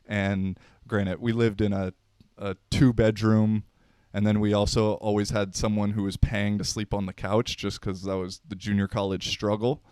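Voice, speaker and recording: Laid-back man telling stories, smooth voice. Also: on the low side, flat delivery, moderate pace, darkish tone, dry recording, studio quality. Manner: laid-back, slangy, rambling with fillers. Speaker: podcast host. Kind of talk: unscripted casual storytelling.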